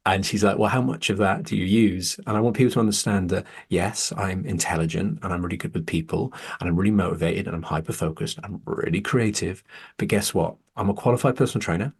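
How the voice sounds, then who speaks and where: A man's voice: deep voice, fast talker, vocal fry, breathy edge. A man, hosting a podcast and talking candidly and earnestly, swearing when heated. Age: 40s. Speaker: podcast host. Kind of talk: candid casual conversation.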